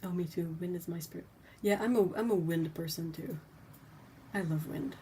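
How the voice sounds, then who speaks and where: A woman's voice: on the low side, moderate pace, dark tone, a little hiss or hum. Chatty woman with a French Canadian accent. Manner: chatty, rambling with fillers, laughs easily. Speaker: livestream host. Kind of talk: casual chat while painting.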